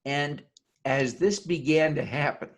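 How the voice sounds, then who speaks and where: A man with a somewhat high voice speaks unhurriedly as a keynote speaker, giving a motivational conference talk over a video call. He's earnest and leads the audience in an oath.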